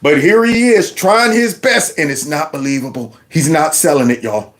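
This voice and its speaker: A man's voice: on the high side, normal speed. A man hosting his channel, giving mocking reaction commentary on news clips. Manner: mocking, laughing, animated. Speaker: channel host.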